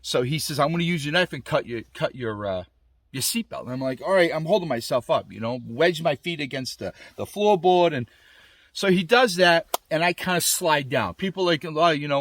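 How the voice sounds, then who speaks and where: Animated man telling a story. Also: on the high side. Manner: animated, rambling, lots of fillers and restarts. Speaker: gear reviewer telling his accident story. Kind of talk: casual storytelling to camera. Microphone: small camera mic.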